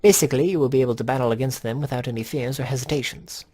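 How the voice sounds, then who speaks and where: A man voicing a calm, formal male strategist who explains things in a measured way. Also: medium pitch, natural voice.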